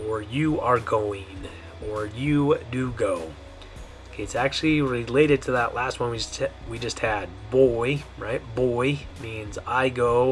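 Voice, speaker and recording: A man teaching a pronunciation lesson, who talks patiently and repeats each word slowly with a frequent "okay". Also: medium pitch, fairly bright tone. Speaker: Spanish teacher. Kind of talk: language lesson.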